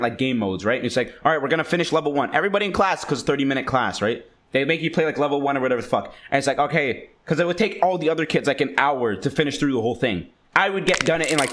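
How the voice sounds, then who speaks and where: A man's voice: on the high side, fairly bright tone. A young man telling a rambling story in casual, profane talk, full of fillers and restarts.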